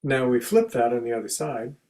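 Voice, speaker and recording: A man giving a contemplative spiritual talk in a conversational way, acting out everyday examples as quoted speech and going soft and quiet on key phrases. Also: medium pitch, expressive, fairly quick, poor audio. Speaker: spiritual teacher and speaker.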